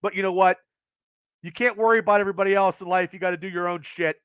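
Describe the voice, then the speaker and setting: A man's voice: sits high, steady tone, fast talker, clear, resonant tone, no room sound. Fired-up profane man ranting about football. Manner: passionate, profane, rambling, swings loud and quiet. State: losing his voice. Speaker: podcast host. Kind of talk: fired-up sports rant.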